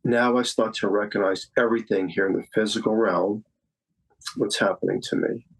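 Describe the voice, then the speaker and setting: A man's voice: on the low side, fairly even intonation, normal speed, poor audio. A man in his fifties from Staten Island, a psychic medium guest telling a personal story in conversation, earnest and repeating phrases for emphasis. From Staten Island, New York. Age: 50s.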